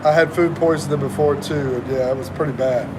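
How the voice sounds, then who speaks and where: A man's voice: fairly high pitch, fairly even intonation, brisk, background noise. A man hosting a casual livestream, reading viewer comments aloud and greeting them, while he recovers from the flu and sounds congested. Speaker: livestream host.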